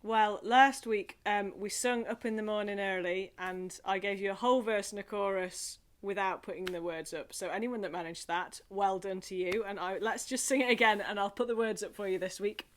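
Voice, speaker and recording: A woman leading a remote singing lesson from home, talking in a gentle, encouraging, chatty way with playful asides. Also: mid-range voice, fairly even intonation, moderate pace, few pauses. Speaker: singing group leader. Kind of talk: friendly remote group singing and movement lesson.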